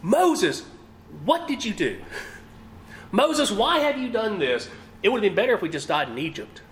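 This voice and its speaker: A man's voice: sits high, very animated, moderate pace, a little hiss or hum, pitched above the performer's own voice. A man voicing a panicking, frightened crowd that hurls frantic, pleading questions at its leader. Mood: panicked. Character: panicking crowd of fleeing people, frightened and accusing.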